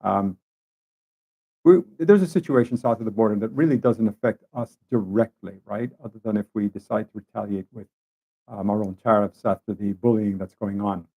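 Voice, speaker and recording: A man's voice: on the low side, normal speed, gravelly, mellow, breathy edge. A man hosting his own show, telling stories in a casual, conversational way with asides to his listeners. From Canada. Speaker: podcast host. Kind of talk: casual monologue storytelling.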